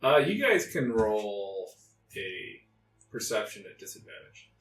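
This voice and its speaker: A man narrating a tabletop game as game master, relaxed, with fillers. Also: on the low side, measured pace, heavy background noise. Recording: roomy room, faint music.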